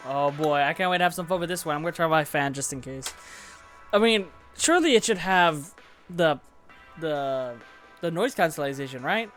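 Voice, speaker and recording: Excitable giggly gaming host. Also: mid-range voice, moderate pace, soft background music. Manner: excitable, giggly, self-interrupting. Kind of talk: casual gameplay commentary. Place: home room with a fan running.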